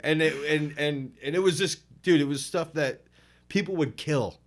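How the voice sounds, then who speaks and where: Male throws coach, casual interview, animated anecdotal delivery. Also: on the high side, normal speed. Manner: animated, chuckling anecdotes, many restarts.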